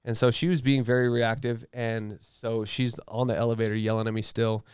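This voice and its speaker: A man's voice: medium pitch, little pitch movement, fairly quick, darkish tone, clear, resonant tone, no room sound. A man telling a personal story in casual podcast chat, blunt and laid-back, with lots of fillers and swearing. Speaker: tattoo artist guest.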